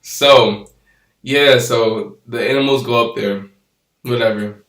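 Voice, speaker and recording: A man's voice: medium pitch, fairly even intonation, slow, a bit bright, roomy sound. A young man casually recapping and reviewing an anime episode, rambling with lots of fillers and laughs.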